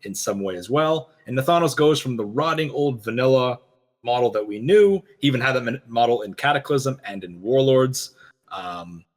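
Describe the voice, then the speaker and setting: A man in the middle of his register, co-hosting a relaxed discussion. He tells the story with energy and keeps slipping into quoted dialogue. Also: medium pitch. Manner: animated storytelling, quoting characters. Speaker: podcast co-host. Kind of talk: casual lore discussion.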